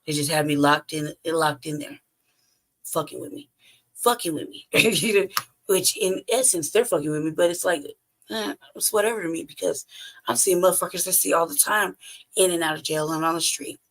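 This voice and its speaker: Podcast host, male, rough gravelly voice, casual profane storyteller who laughs between lines. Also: a little high, moderate pace, fairly bright tone. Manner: profane, blunt, laughs often between phrases.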